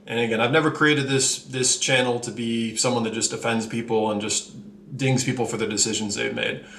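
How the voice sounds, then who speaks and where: A man's voice: mid-range voice, steady tone, fairly quick, fairly bright tone, slight background noise. A man hosting his own watch channel, talking candidly to camera with lots of fillers and running a little out of breath. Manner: candid, blunt, rambling with fillers. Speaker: channel host reviewing watches. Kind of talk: casual vlog talk to camera. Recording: echoey room, faint ambience.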